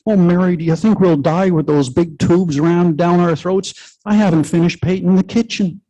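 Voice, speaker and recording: Man playing an older woman, fretful, worried rush, mellow tone, live story reading. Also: sits high, steady tone, low-quality recording. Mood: panicky. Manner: fretful, rushing worry. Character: anxious older woman friend.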